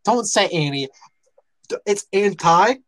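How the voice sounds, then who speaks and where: A young man with a notably high voice chats casually on a podcast recorded over a voice call. He rambles and stumbles over his words, laughing often. The sound is dry and close. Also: expressive, a little slow, fairly bright tone, dry recording. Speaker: podcast co-host. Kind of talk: casual chat. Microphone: online voice call.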